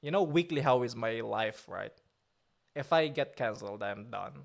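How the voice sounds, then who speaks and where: A man's voice: mid-range voice, lively intonation, moderate pace, creaky. A man chatting casually on a live stream, joking and laughing at himself. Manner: joking, laughs often, self-mocking.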